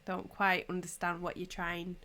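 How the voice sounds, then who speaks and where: A woman's voice: on the low side, completely flat delivery, moderate pace, pushed and bright, a little hiss or hum. A woman from England with a strong regional English accent, chatting casually through a knitting tutorial and laughing easily. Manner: chatty, laughs easily, answers chat as she knits.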